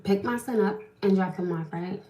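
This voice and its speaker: A young woman with a medium-pitched voice tells a story at a moderate pace to her livestream viewers, venting as she goes. She's animated and speaks straight to them in a casual way, and the room sounds echoey.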